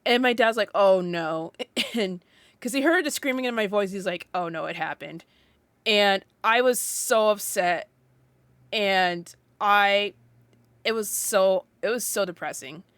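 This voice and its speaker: A woman's voice: mid-range voice, unhurried, a bit bright, no room sound. A young woman co-hosting a casual podcast, telling a story in a rambling way, full of "like" fillers and restarts. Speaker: podcast co-host.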